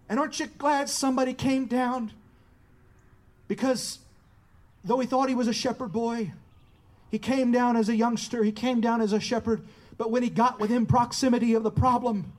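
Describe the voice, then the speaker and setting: A man preaching a sermon, building emphasis and slowing down on key phrases, with an occasional chuckle. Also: very high-pitched, steady tone. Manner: chuckles between points.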